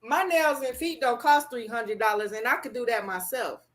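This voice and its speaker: A woman's voice: on the high side, moderate pace. A woman co-hosting a talk show, pushing back in blunt, sassy, profane casual debate. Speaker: podcast co-host.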